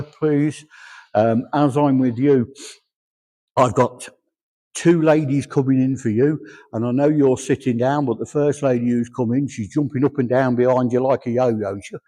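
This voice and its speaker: A man's voice: medium pitch, mellow. A man, working as a medium at a church service, relaying spirit messages with chatty humor and quoted voices.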